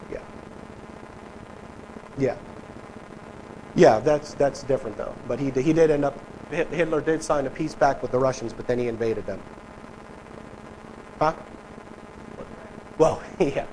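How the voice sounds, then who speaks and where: A man's voice: mid-range voice, a little mellow, slight background noise, low-quality recording. A man preaching a sermon in a conversational, emphatic way, talking with his congregation and reading quotes aloud. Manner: conversational, emphatic, mock voices for politicians. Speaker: pastor. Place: church sanctuary.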